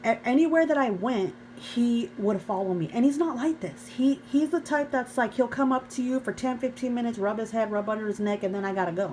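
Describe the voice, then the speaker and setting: A woman's voice: fairly high pitch, brisk, hardly any pauses, darkish tone, a little hiss or hum, poor audio. Earnest woman telling a personal story. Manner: earnest, emotional, addresses viewers as "you guys". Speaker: faith vlogger.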